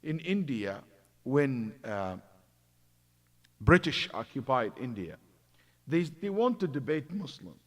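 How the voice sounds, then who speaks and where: A man giving a religious lecture, acting out stories and swinging between loud emphasis and hushed asides. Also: medium pitch, sing-song, slow, long pauses. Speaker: imam giving a Quran commentary class. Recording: long hall reverb.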